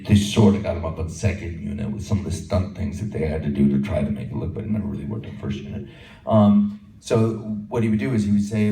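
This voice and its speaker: Guy telling jokey stories at a convention panel, mid pitch, big echoey hall, mic kinda far off, faint hiss. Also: mellow. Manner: joking, self-deprecating storyteller. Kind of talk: casual anecdote telling. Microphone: handheld mic.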